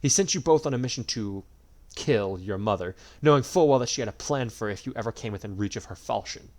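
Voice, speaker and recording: A man's voice: on the low side, expressive, brisk, a little mellow, close to an everyday voice. A man doing a smug, cruel dragon god. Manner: mocking, drawling, theatrical.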